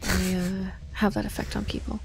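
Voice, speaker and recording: A woman's voice: medium pitch, level tone, moderate pace, vocal fry. A woman co-hosting a game stream, joking around playfully in casual chat. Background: faint game music.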